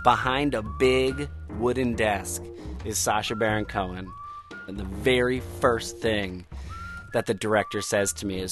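A man's voice: on the low side, normal speed, over music. A comedian in his thirties telling a personal story, acting out the dialogue as he goes. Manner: animated, acts out dialogue.

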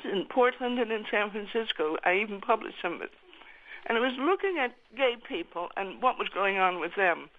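Older lady calling a radio show on the phone, shaky and upset, voice jumping up high. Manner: halting, emotional. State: upset, near tears. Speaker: caller. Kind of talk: call-in radio. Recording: tinny phone line.

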